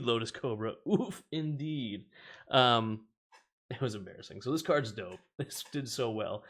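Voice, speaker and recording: A man's voice: on the low side, big pitch swings, moderate pace, creaky, a bit bright. A man hosting a casual stream, chatting, laughing often and reading cards and viewer comments aloud. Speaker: host of a card-opening stream. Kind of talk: casual chat while opening card packs.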